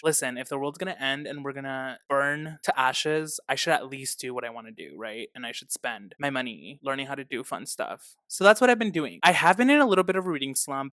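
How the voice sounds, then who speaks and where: A young man in a chatty book vlog, animated and quick to act out little quotes. His voice is bright and clear, and the sound is dry and close. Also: mid-range voice, no room sound. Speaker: book vlogger. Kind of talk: casual book review chat.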